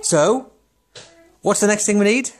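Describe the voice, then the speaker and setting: A man's voice: high-pitched, expressive, unhurried, slight background noise. A man giving a casual piano and songwriting lesson at home, patient and encouraging, often checking in with "right?". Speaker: piano teacher. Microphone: phone camera.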